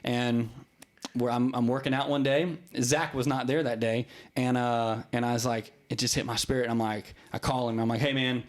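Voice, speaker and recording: A man's voice: medium pitch, level tone, normal speed. A man who is a real estate broker, guest on a podcast, telling a story in casual chat. He talks with many restarts and acts out the voices of the people he quotes.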